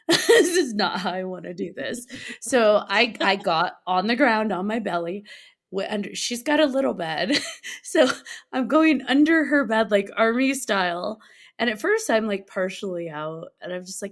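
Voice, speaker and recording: A woman telling a story in a casual podcast chat, animated, laughing often and acting out the lines of other people. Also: mid-range voice, normal speed, gravelly. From Colorado. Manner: animated, laughing, acts out quotes. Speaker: podcast guest.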